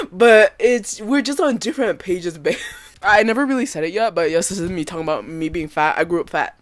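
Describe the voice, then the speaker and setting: Animated young woman laughing through a storytime. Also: medium pitch. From Canada. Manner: emotional, laughs often, swears freely. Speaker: vlogger. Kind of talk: casual storytime chat.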